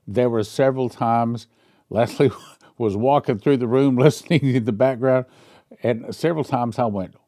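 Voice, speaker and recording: A man's voice: mid-range voice, dark tone, dry recording, studio quality. A man who is a pastor, giving casual commentary in an emphatic way, with rhetorical questions and chuckling asides.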